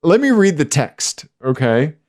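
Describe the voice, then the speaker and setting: Excitable male podcast co-host, fairly high voice with big swings in pitch, casual chat. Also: measured pace. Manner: excitable, voice jumps high in surprise.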